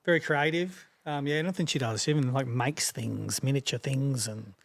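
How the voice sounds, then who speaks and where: An Australian man in his fifties, a rapper chatting casually as a podcast guest, talking quickly and rambling. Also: mid-range voice, gravelly. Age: 50s. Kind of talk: casual chat.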